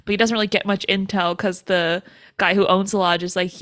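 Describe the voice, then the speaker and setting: A woman's voice: fairly low pitch, fairly even intonation, moderate pace, a bit bright, dry recording. A young woman co-hosting a podcast, laughing often and swearing casually while talking through a movie. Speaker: podcast co-host. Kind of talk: casual chat recapping a movie.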